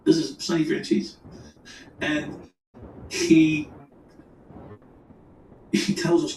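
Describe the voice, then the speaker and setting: A man's voice: fairly high pitch, little pitch movement, drawn-out words, vocal fry, pauses often, darkish tone, reverberant, distant mic, slight background noise, poor audio. A man telling a rambling, profane crime story in casual chat, full of restarts and quoted dialogue. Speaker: storyteller guest.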